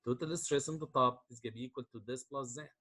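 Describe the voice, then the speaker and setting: Speaking at a quick pace, this man's mid-range voice sounds husky, pushed and bright. He is lecturing a university engineering class, breaking calculations into steps and often checking that everyone follows.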